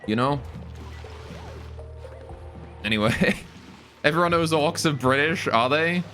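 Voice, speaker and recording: A man's voice: fairly high pitch, slow, bright, forceful tone, soft background music. A man streaming a game live, joking with his chat while he plays. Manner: joking, chats with viewers while playing.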